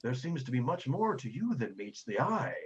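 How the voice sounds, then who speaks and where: Man voicing a soft-spoken elderly holy man. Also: mid-range voice, big pitch swings, husky, dull audio. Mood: gentle. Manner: soft, warm, slow. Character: gentle, serene elderly giant priest.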